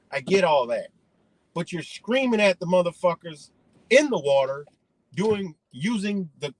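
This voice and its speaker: A man's voice: on the high side, slightly rough, rough recording. A man ranting indignantly in a profane, rambling monologue.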